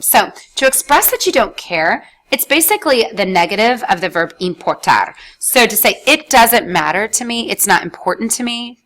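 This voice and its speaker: A woman's voice: lowish voice, a bit bright. Patient woman teaching Spanish grammar. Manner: patient, explains step by step with frequent "all right" and "okay". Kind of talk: recorded slide lesson.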